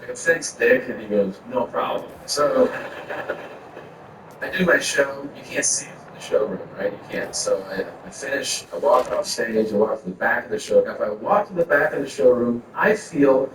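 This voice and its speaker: A man's voice: medium pitch, expressive, normal speed. A man doing stand-up comedy on a club stage, telling long stories in a rambling, profane, conversational way. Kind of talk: stand-up storytelling. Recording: very echoey, far-off mic, noisy.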